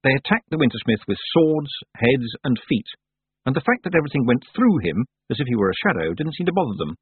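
A man reading a storybook aloud as narrator, with an expressive, dramatic delivery. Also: medium pitch, fast, slightly rough, no room sound. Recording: dry, phone-like narrow sound.

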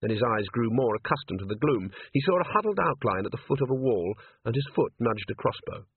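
A man narrating an audiobook in a lively, expressive manner. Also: mid-range voice, a little fast, breathy edge, no echo. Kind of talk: audiobook reading. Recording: tinny phone-like sound, dry.

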